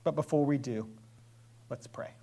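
A man preaching a sermon as a pastor, earnest and measured, with emphatic pauses. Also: medium pitch, creaky, dark tone.

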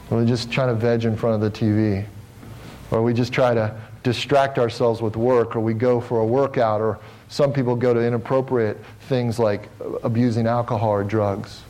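A man's voice: a little hiss or hum, poor audio. A middle-aged man preaching a sermon to a live congregation, earnest and self-deprecating, calling out to the listeners and rising in volume on his exhortations. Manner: swells louder and higher on exhortations, drops low and soft on reflective points. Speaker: pastor. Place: church sanctuary with a live congregation.

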